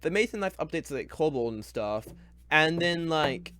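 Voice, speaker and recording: A young man reacting live to a book, exasperated and ranting, going from mutters to loud complaints. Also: a little high, animated, normal speed. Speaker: reviewer.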